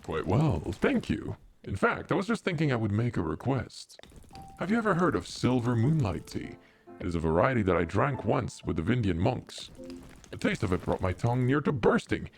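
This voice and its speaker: Brief: a streamer plays a gravelly, formal adventurer in a game, low and lively with faint music behind. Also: normal speed. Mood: earnest. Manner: formal, stately phrasing. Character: adventurous male tea-shop guest, formal. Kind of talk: voicing game dialogue while streaming.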